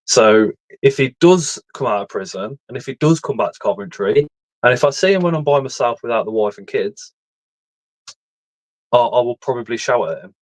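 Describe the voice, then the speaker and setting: A blunt, rambling man in his thirties talking frankly on a livestream, swearing freely as he goes. His voice sits at an ordinary middle pitch. It is recorded close and dry, with no room echo. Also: lively intonation, normal speed. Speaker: livestream speaker reading chat. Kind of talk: candid casual chat.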